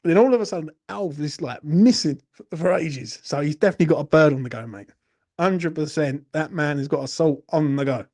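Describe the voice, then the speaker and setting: A young man hosting a football channel runs a late-night live Q&A, chatting casually in a slightly high, slightly mellow voice. He swears a lot and teases his viewers.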